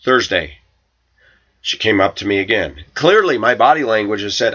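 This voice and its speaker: This vlogger's pitch is medium and his intonation lively, and he talks at normal speed with a sharp tone over lo-fi sound. He rants to his viewers about a coworker, aggrieved and indignant, quoting her and himself in a raised voice.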